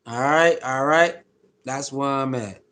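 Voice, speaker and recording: A man's voice: medium pitch, slow pace, a bit bright. A man casually chatting on a live stream, greeting viewers by name in slangy, repetitive talk.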